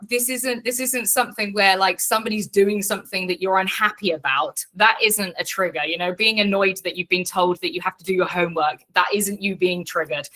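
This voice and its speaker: A woman coaching a live online workshop in a casual, frank way, swearing freely and explaining things with lots of fillers. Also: mid-range voice. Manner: animated teaching with fillers.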